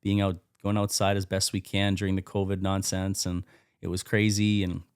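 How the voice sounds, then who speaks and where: A man with a lowish voice tells his life story as a podcast guest, candid and animated, swearing freely. The sound is dry and close to the mic. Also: moderate pace, clear, resonant tone, no echo. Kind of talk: casual storytelling interview.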